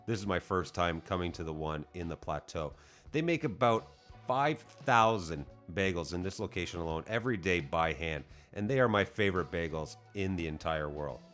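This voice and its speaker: A man's voice: low-pitched, expressive, normal speed, a bit bright. A man reviewing food in a casual vlog, blunt and profane, mocking himself as he rates each dish. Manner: profane, blunt, self-deprecating. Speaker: food vlogger. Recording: music playing underneath.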